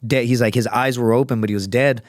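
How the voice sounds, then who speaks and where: A man who is a podcast guest, telling stories in a casual, profane and animated way, acting out other people's voices as he goes. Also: medium pitch, quick pace, no echo, clean studio sound. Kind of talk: casual storytelling. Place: podcast studio.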